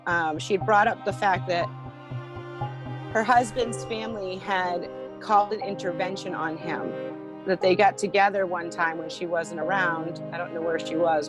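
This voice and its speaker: A woman's voice: on the low side, low-quality recording. Woman in an interview telling her story, earnest, lots of likes and ums, music under it. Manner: earnest, with frequent "like" and "um" fillers. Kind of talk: recounting a personal ordeal.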